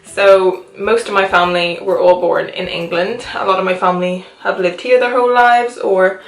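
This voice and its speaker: A woman's voice: mid-range voice, steady tone, normal speed, gravelly, soft background music. Young Irish woman, mixed accent, chatty vlogger, echoey room. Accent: Irish, mixed with Liverpool and American. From Ireland. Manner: chatty, upbeat, lots of "like". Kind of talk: casual chat to camera. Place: her home.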